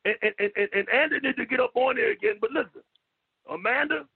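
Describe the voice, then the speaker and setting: Caller type: loud, rambling, cussing man with a very high, raspy, gravelly voice over a phone line. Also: fast talker. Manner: profane, repetitive, stammering, shouts at times. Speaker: call-in guest. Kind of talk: loud rambling radio talk.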